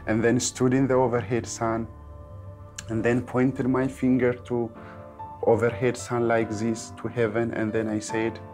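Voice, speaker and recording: Man, earnest testimony, mid-pitched, monotone delivery, faint music bed. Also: unhurried. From Ethiopia. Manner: earnest, strings clauses with "and then". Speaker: testimony speaker. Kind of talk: personal testimony.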